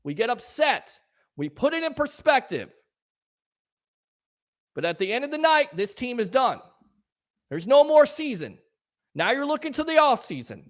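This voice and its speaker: A man's voice: very high-pitched, a bit bright. A male sports talk host taking callers after a loss, frustrated and emphatic, firing off rhetorical questions. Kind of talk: call-in sports talk show.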